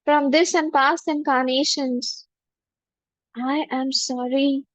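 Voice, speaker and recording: A woman, a spiritual teacher leading a guided forgiveness meditation in a gentle, humble voice with repeated affirmations. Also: high-pitched, fairly even intonation, slow pace, no room sound. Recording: dull lo-fi dry recording.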